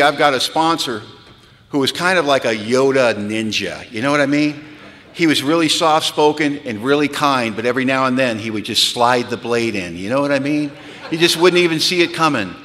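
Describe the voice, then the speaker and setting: A man telling humorous, animated stories to an audience at a recovery gathering, recorded in an echoey hall. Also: medium pitch. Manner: lively, animated, punchline-driven storytelling. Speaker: recovery meeting speaker. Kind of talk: humorous storytelling talk to an audience. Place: large hall.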